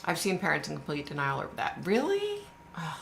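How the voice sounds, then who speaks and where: Hosting a casual live stream, a woman reads viewer comments aloud and answers them bluntly, swearing freely and repeating questions for emphasis. Her deep voice swoops wildly in pitch, moves fairly quickly, and has vocal fry, in an echoey room with faint background noise.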